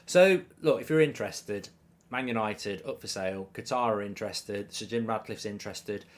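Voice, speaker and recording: A man hosting a live football watchalong, reacting to the match and reading viewer comments in an excitable, animated way, often stumbling and restarting his sentences. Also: lowish voice, normal speed. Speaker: host of a football watchalong stream.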